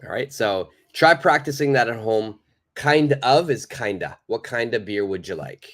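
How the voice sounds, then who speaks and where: A man's voice: mid-range voice, lively intonation, moderate pace. A man teaching a live online English lesson, patiently repeating and praising viewers' answers.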